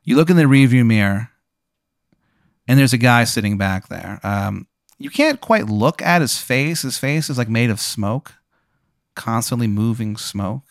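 A man hosts a comedy podcast, improvising an absurd story with plenty of fillers. His voice is smooth and resonant. The sound is close and dry. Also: medium pitch, lively intonation, unhurried, no echo. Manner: rambling, filler-heavy narration. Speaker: host.

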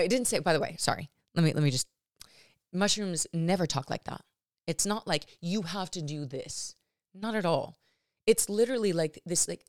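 A woman's voice: deep voice, creaky, dry recording, studio quality. A woman hosting a podcast, telling a personal story in a rambling, candid way, full of fillers and self-corrections. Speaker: podcast host.

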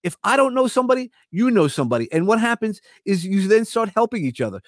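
An earnest middle-aged man with a New York accent speaks in a high register. His delivery is motivational and rambling, and the sound is dry and close with no room around it. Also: big pitch swings, fast talker, dry recording. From Long Island, New York. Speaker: guest. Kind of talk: casual chat.

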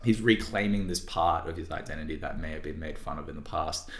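A man's voice: extremely low pitch, brisk, roomy sound. A man co-hosting a casual podcast discussion, thinking aloud with hesitant restarts and frequent fillers. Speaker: podcast co-host.

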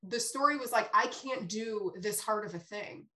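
A woman's voice: mid-range voice, normal speed. A young woman hosting a podcast, talking openly and laughing easily in casual conversation. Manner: open, animated, laughs easily.

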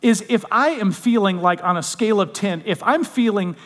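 A man with a high voice delivers a conversational sermon as a pastor. He often drops to soft, intimate tones. His voice rings with a long hall reverb. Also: normal speed.

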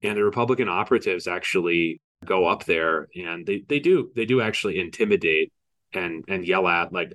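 Male podcast co-host, deep low voice, patient explainer of history. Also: normal speed. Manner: steady, detailed explaining with asides.

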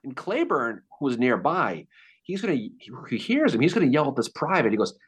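A man hosting a podcast, telling a Civil War battle story in a casual, animated way. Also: medium pitch, brisk, breathy edge. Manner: animated, acts out quotes. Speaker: podcast host.

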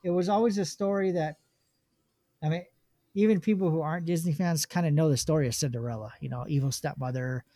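A man's voice: on the high side, brisk, dark tone, no room sound. A man hosting a casual podcast chat, reading film notes aloud with many ums and restarts. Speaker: podcast host.

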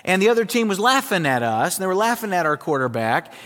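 Animated preacher man in a reverberant hall. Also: quick pace. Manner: animated storyteller, voice climbs high when acting out his younger self. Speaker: pastor. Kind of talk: sermon with personal storytelling.

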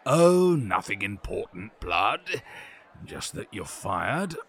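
A man's voice: on the low side, sing-song, takes it slowly, fairly bright tone, husky, pitched below the performer's own voice, heavily acted. A man voicing a vain, cowardly English duke who talks in a fussy, flustered way. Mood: dismissive.

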